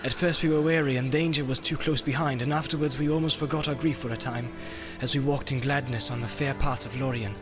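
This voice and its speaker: A man playing a calm elf warrior. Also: mid-range voice, fairly quick, hardly any pauses, over music, lightly acted.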